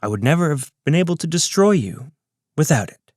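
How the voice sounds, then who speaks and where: A man's voice: a little high, very animated, brisk, a little mellow, no room sound, clean studio sound, voice pushed up. A man voicing a smug, scheming villain who taunts his old partner in a condescending, mocking way, in a serial audiobook reading.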